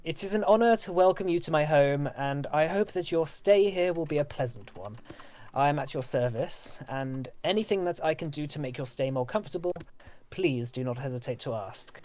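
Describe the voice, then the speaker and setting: A man's voice: fairly high pitch, expressive, moderate pace, darkish tone, close to an everyday voice. A man voicing a gracious, middle-aged male elf lord who speaks in a formal, welcoming way. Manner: formal, welcoming, stately phrasing.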